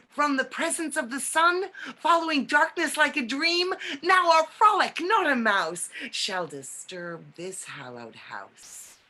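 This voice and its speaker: A mischievous fairy sprite, read by a woman over a video call. The verse comes slow and measured, each line given room. The tone is bright and clear. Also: medium pitch.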